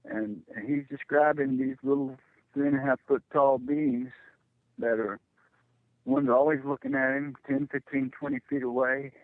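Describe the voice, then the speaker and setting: A middle-aged man telling a personal story as a radio guest, halting and repeating words when it gets tense. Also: mid-range voice, big pitch swings, vocal fry, dry recording. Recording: tinny phone line, dry.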